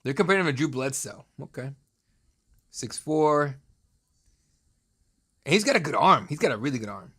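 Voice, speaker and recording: A man's voice: on the high side, expressive, moderate pace, pauses often, sharp tone, slightly rough. A man in his thirties hosting a live draft stream, chatting loosely with viewers and joking with crude remarks. He talks from a home streaming setup into a desk mic. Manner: loose, joking, profane banter with chat. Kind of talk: casual live-stream commentary.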